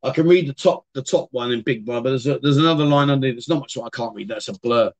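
Speaking fast in a mid-range voice, this British-accented livestream host chats loosely with his viewers from a home streaming room. The middle-aged man reads out their comments, frequently trailing off and starting his sentences over.

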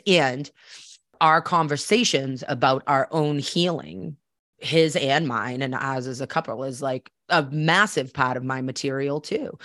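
A woman's voice: low-pitched, fairly bright tone, no room sound, clean studio sound. A woman hosting a personal storytelling podcast, talking candidly and conversationally with frequent fillers. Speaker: podcast host.

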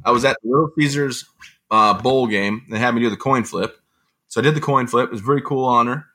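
Guest: man from Michigan, motivational speaker, bright and forceful tone, easygoing anecdote teller. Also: mid-range voice, fast talker. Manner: lively, self-mocking, often laughing and acting out quotes. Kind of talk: casual anecdotal storytelling.

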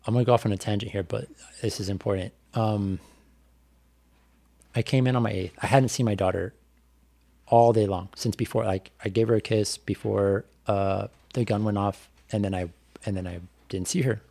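A man's voice: fairly low pitch, fairly even intonation, moderate pace, creaky, mellow, no room sound. A man, a bike racer, telling a personal story on a podcast in a candid, reflective way with lots of fillers. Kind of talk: casual podcast conversation.

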